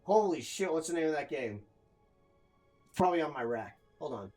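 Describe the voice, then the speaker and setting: A man streaming a video game from home, chatting casually with viewers, excitable and swearing freely, breaking into loud outcries. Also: on the high side, moderate pace, faint music behind. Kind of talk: casual live-stream chat.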